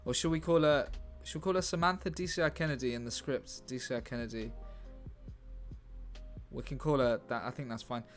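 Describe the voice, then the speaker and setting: A man's voice: mid-range voice, a little fast, soft background music. A man chatting casually on a live stream while he writes a script, musing aloud. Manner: musing aloud, chatty, laughs at his own ideas.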